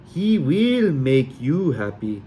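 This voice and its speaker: Young woman, bad fake mystic accent, slow, loud, high; male reader voicing her. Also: sing-song, slight background noise. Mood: mock solemn. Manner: slow, broken put-on accent. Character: young woman faking a clumsy fortune-teller accent.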